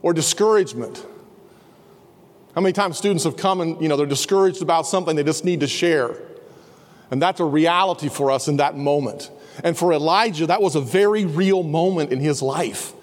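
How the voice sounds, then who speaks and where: A man preaching an earnest sermon in a slightly raised voice. His words ring out with long reverb, as in a large chapel. At quieter moments he sinks to a soft, low tone. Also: fairly quick. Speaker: pastor. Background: students in a campus service.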